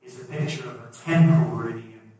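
A man's voice: medium pitch, a little fast, mellow, slight background noise. A middle-aged man preaching a sermon in a conversational way, putting questions to the congregation. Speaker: pastor. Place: church hall. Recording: echoey hall, voice from a distance.

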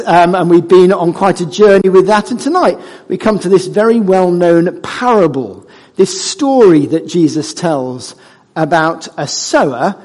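A man preaching a sermon, conversational and animated, joking with the congregation. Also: high-pitched. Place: church hall. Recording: church hall with long reverb.

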